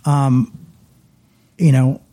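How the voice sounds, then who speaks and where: Mellow-voiced pastor, rambling casually. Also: male voice, medium pitch, little pitch movement, extremely slow. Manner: rambling, many restarts and repeated words. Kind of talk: casual conversation.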